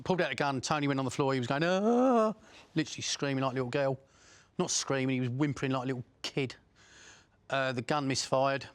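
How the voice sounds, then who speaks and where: A man, speaking bluntly in an interview and recounting his past with frequent fillers. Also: medium pitch.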